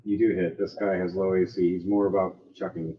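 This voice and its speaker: A man running a tabletop game as game master, narrating in an animated way and acting out sound effects. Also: sits low, fairly quick, muffled recording.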